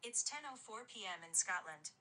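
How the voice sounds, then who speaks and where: A phone voice assistant with a woman's synthetic voice, answering in an even, clipped, machine-like way. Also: mid-range voice, fairly quick.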